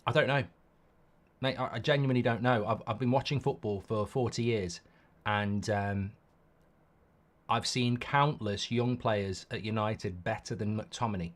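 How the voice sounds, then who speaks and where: A middle-aged man hosting a live football watchalong, talking in an opinionated, rambling way with quick restarts. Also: fairly low pitch, fairly even intonation. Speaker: host.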